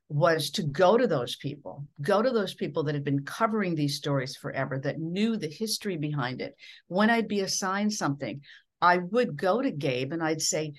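A middle-aged woman from Minnesota, a veteran television newscaster, telling stories from her career in an earnest way. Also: sits low. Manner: earnest, with frequent restarts and quoted dialogue. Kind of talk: reflective storytelling in an interview.

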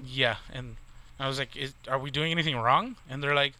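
A man's voice: medium pitch, fairly quick, pushed and bright. A man in his thirties from near the Texas border, telling a rambling, profane story in casual chat with lots of fillers. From Texas, near the Mexican border.

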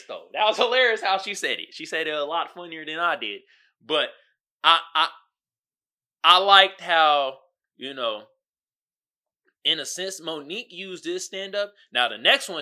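A male podcast host giving casual, slangy commentary, animated and often asking "you feel me". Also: sits high. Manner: animated, acts out quotes loudly.

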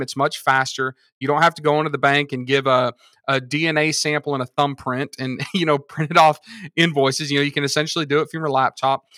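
A man's voice: medium pitch, bright, forceful tone, dry recording. A man on a podcast, explaining things at length in a casual conversation and talking through examples. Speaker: guest from a seller funding service.

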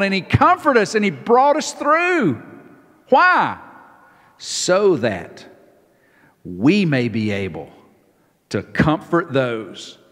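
A man preaching a sermon as pastor, swinging from hushed, quiet lines to loud, high, impassioned ones. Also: long reverb tail.

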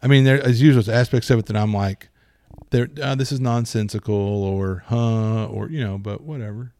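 A man chatting casually about movies, rambling and animated with many restarts. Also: fairly low pitch, moderate pace, no room sound.

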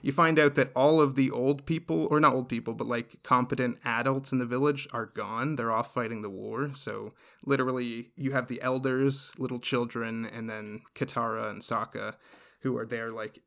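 A man's voice: mid-range voice, steady tone, moderate pace, vocal fry, fairly bright tone. A man casually retelling a show's story on a podcast, rambling with lots of fillers. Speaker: podcast host recapping a show. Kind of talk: casual chat.

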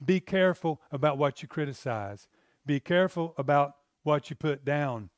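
A man with a fairly high voice preaches a sermon in a plain, conversational way. He tells personal stories, acts out his old arguments in animated bursts, and often checks that the listeners are following him. The sound is dry and close. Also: moderate pace, no echo. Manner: animated storyteller acting out his own past arguments. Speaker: pastor.

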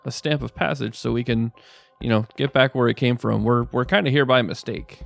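A laid-back man at a tabletop role-playing game, speaking wryly. His mid-pitched voice is gravelly, recorded dry and close, with faint music behind. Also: steady tone, fairly quick, no echo. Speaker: player. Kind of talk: casual tabletop play.

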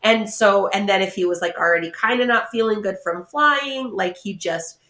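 A woman co-hosting a podcast in casual chat, an animated storyteller who laughs often. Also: medium pitch, moderate pace, slight background noise. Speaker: podcast co-host. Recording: roomy echo.

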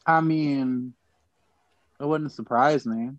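A man's voice: mid-range voice, slow pace, muffled recording, slight background noise. A man co-hosting a podcast, making dry jokes in a casual chat.

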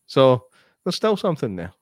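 A man's voice: mid-range voice, huge pitch swings, moderate pace. A young Scottish man co-hosting a podcast, joking wryly in casual chat. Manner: wry, joking. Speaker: podcast co-host.

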